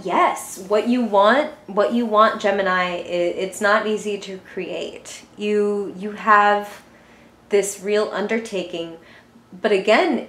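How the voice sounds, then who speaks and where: A woman's voice: medium pitch, fairly bright tone. A young woman giving a casual, chatty tarot reading, full of filler words and giggles. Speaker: tarot reader. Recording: echoey room.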